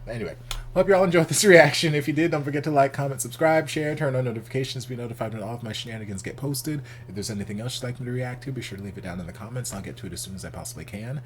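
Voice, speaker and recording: A man hosting a reaction video talks casually, frankly and expressively. He throws in a curse word here and there in an otherwise easygoing, mid-pitched voice. A faint hum sits behind his voice. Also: racing. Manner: candid and expressive, swears casually.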